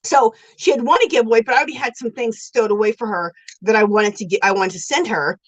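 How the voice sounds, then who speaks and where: A woman's voice: fairly high pitch, fast talker, dry recording, poor audio. A woman hosting a casual crafting livestream, chatty and effusive as she greets viewers and reads their comments aloud, recorded on a phone. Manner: chatty and effusive, calls viewers girl and sweetie. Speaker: livestream host of a yarn crafting show.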